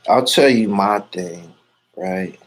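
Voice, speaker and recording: A man's voice: on the low side, takes it slowly. A man being interviewed, talking in a boastful, profane and rambling way. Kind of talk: casual street talk.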